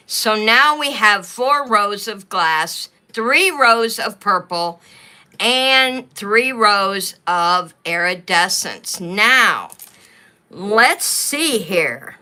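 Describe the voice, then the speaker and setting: A woman's voice: mid-range voice, expressive, extremely slow, bright, forceful tone. A woman chatting casually to livestream viewers while she works on beaded jewelry, with hiccups. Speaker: livestream crafter. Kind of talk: casual livestream craft talk.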